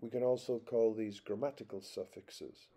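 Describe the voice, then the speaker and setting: A man narrating a scripted phonetics lesson, reading example words one at a time in a slow, deliberate way. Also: fairly low pitch, fairly even intonation, mellow, breathy edge. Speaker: teacher.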